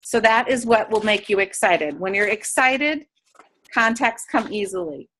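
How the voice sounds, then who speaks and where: A woman's voice: medium pitch, expressive, measured pace, a bit bright, slight background noise. A woman giving an upbeat sales training talk over a video call, coaching her listeners and acting out sample conversations. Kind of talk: training talk to direct sellers.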